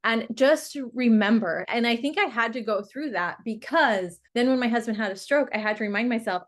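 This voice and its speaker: A woman's voice: mid-range voice, a bit bright. A woman giving a live online health coaching talk, upbeat and coaxing, often breaking into a laugh.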